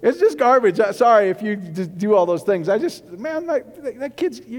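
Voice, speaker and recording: A man preaching a casual, joking sermon, rambling and excitable, giddy from too little sleep. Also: extremely high pitch, a little fast. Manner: rambling, excitable, long-winded. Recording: long reverb of a large hall.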